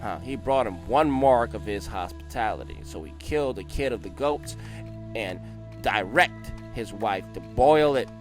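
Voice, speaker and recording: A man hosting a casual read-along, reading an old text aloud and breaking in with excited, slangy asides that often end in "man" or "boy". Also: fairly low pitch, measured pace, faint music behind.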